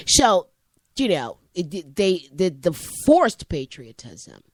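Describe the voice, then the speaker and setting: A woman's voice: on the low side, sing-song, a little slow, dry recording. Rambling woman teacher telling a story. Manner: rambling, acts out voices in quotes. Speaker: high school teacher. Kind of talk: conversational storytelling.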